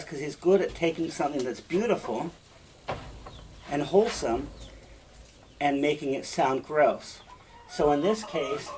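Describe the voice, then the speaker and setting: A man's voice: on the high side, a little hiss or hum. A male teacher giving a classroom lecture. He explains step by step and often checks in with the class.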